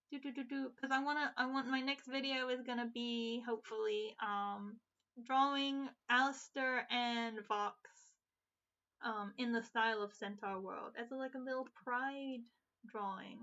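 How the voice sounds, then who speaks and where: A young woman with a British accent chats loosely, trailing off and restarting with little giggles. Her voice sits high and sounds sharply bright. The recording is muffled and lo-fi. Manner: rambling, self-correcting, giggly. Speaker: comic artist. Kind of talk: casual chat.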